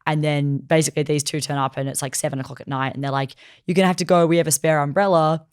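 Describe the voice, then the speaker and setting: Brief: woman podcast co-host, low voice, lively casual storyteller, fond of "like". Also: fast talker, clean tone. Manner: animated storytelling, acting out characters' lines with lots of "like". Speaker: podcast co-host reviewing anime. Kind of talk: casual chat.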